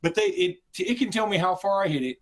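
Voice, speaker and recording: A man co-hosting a sports talk show, talking in animated, quick bursts. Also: high voice.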